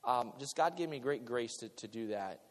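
A man preaching a sermon as pastor. He talks in a lively way, repeats his words and throws in joking asides. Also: mid-range voice, normal speed. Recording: long reverb of a large hall.

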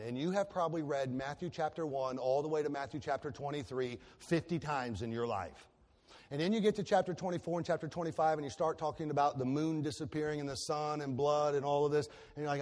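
A man preaching a sermon as pastor, telling stories in a lively way and moving between loud, excited passages and quiet, earnest ones. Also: mid-range voice. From Ohio, USA. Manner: animated storytelling with shifts between loud and soft. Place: church sanctuary. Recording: long reverb of a large hall.

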